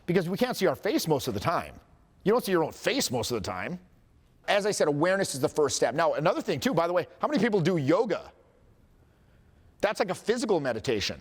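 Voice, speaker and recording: A man's voice: on the high side, very animated, fairly quick, long reverb tail. A man coaching a live audience on confidence, candid and profane, with joking asides and acted-out quotes.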